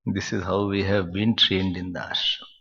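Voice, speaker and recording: Male swami, lively delivery, gravelly tone, dull recording in an echoing hall. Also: low voice, moderate pace. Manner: animated, acts out quoted scoldings, chuckles at his own jokes. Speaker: swami, spiritual teacher. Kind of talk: spiritual discourse. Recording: muffled recording in a reverberant hall.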